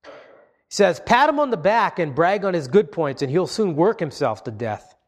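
Man, slightly high voice, earnest sermon delivery, measured pauses. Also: very animated. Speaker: pastor.

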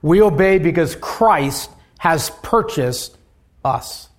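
A male pastor delivers an expository sermon in an unhurried, deliberate cadence. His voice sits high for a man. He lifts his voice on emphatic points and lets phrases fall away softly at their ends. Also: expressive. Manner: measured preaching with emphatic rises and soft drops.

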